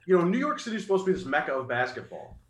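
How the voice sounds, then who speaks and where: A man's voice: fairly high pitch, sing-song, rapid-fire, roomy sound, low-quality recording. A man co-hosting a casual sports podcast, speaking earnestly and rattling off statistics.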